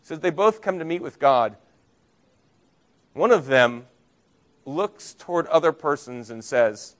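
A man preaching a sermon as a pastor, earnest, rising for emphasis and dropping to soft, low phrases. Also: expressive, measured pace, pauses often.

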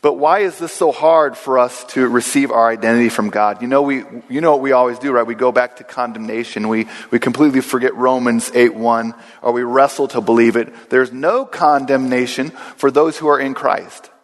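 A man's voice: mid-range voice, steady tone. Male preacher, mid-range voice, earnest sermon delivery in a church with a long hall echo. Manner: earnest preaching, slows down and repeats key phrases. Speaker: pastor. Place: church sanctuary.

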